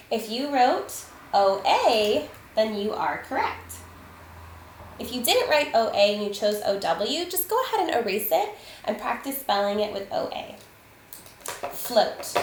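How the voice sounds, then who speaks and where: A woman teaching a spelling lesson to children, patient and deliberate, sounding out letters and counting aloud. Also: medium pitch. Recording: echoey room, faint ambient noise.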